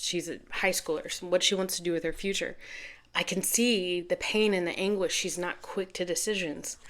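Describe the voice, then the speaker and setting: A middle-aged woman giving a channeled tarot reading to camera, earnest and rambling, correcting herself as she goes. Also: on the low side. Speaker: tarot reader.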